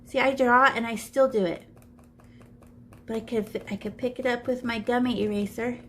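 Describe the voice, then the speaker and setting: A woman's voice: on the high side, fairly even intonation, normal speed, slight background noise. A woman art teacher demonstrating shading, chatting playfully and thinking aloud as she draws. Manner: chatty, playful, talks to herself while drawing. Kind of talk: live drawing lesson demonstration. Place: classroom.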